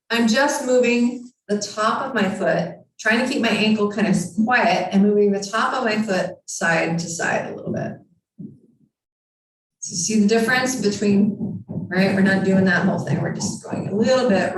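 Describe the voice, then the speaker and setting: A woman teaching a yoga class, giving calm, encouraging step-by-step cues for foot massage and balance work. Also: on the high side. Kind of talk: guided yoga instruction. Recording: very echoey room, far from mic.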